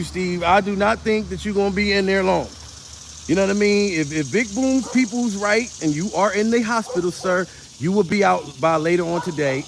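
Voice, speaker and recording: A man's voice: high voice, a little hiss or hum. A man in his forties, a comedian, ranting casually to camera. He is profane and rambling and laughs often. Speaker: comedian vlogger.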